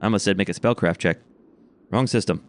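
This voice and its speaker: A man's voice: deep voice, fast. A man running a tabletop game as game master, narrating casually with self-corrections.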